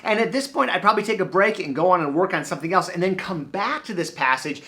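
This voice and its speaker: Man teaching bass, lively pitch. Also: fast talker. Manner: relaxed, self-correcting, sings rhythms aloud. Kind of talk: casual music lesson demonstration. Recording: loud bass playing behind the voice.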